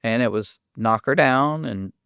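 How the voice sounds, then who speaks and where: A man's voice: medium pitch, measured pace, gravelly, a bit bright, clean tone, dry recording, studio quality. An older man from Oklahoma hosting a podcast, telling folksy stories and acting out both sides of conversations. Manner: folksy storyteller, acts out dialogue. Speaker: podcast host and dog trainer. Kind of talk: casual podcast monologue with stories.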